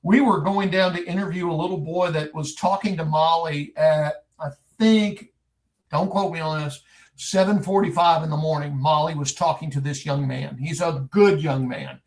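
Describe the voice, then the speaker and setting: Middle-aged Texas man, gravelly and a touch high, folksy animated storyteller. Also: moderate pace. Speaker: private investigator, guest. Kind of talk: storytelling in a podcast interview.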